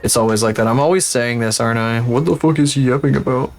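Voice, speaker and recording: A man chatting casually on a livestream while he works, ranting and swearing often in an animated way. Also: mid-range voice, fast talker, soft background music. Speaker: streamer.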